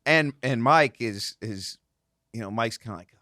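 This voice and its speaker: A man in his thirties telling a casual, animated story on a podcast, acting out the voices of the people in it. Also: medium pitch, measured pace, a little hiss or hum. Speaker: guest host, former racing driver.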